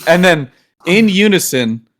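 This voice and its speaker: Young male co-host, slightly high, deadpan sarcastic humor. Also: a little slow. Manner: dry, sarcastic deadpan jokes. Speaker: podcast co-host. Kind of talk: casual comedic chat.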